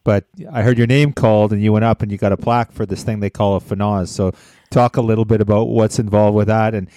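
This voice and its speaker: A man's voice: on the low side, little pitch movement, quick pace, dark tone, no room sound. A man hosting a podcast, asking loose, rambling questions with many restarts. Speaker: podcast host. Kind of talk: casual interview questions.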